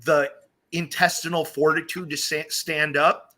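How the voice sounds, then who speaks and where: Bright-voiced man telling animated stories. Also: a little high, unhurried. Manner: animated storytelling, acts out quoted voices. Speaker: streamer host. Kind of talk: casual live-stream chat.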